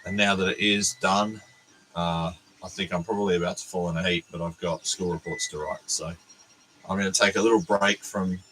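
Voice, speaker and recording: An Australian man, a teacher, chatting casually on a livestream from his workbench, hoarse and sick with a cold, rambling and self-deprecating. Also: sits low, fairly even intonation, brisk, fairly bright tone, slight background noise, poor audio.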